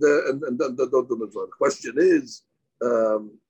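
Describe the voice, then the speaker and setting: A man's voice: mid-range voice, moderate pace, darkish tone, slightly rough, rough recording. A man teaching a live Talmud class. He reads Aramaic lines aloud, explains them in English, and rises sharply on key points. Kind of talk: daily Talmud class lecture.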